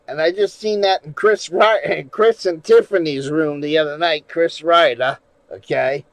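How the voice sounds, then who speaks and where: A man live streaming in casual chat, rambling and swearing, going from mumbles to loud rants. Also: fairly high pitch, measured pace, dry recording, low-quality recording. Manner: rambling, profane, shifts from mumbling to loud ranting.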